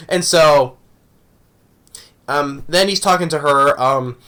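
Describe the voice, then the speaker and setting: A man's voice: fairly high pitch, huge pitch swings, extremely slow, sharp tone. A man giving a casual, rambling review of an anime episode, often tagging on "right?".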